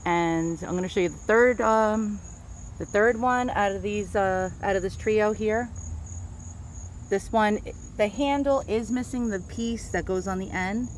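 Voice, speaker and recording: With a mid-range voice at a measured pace, a middle-aged woman with a Queens accent gives a relaxed show-and-tell of her antiques, now and then flubbing a name. A slight hiss or hum runs through the recording.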